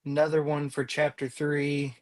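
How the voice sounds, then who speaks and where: A man, a student in a class, answering in a sheepish, halting way. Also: fairly high pitch, completely flat delivery. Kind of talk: casual classroom chat.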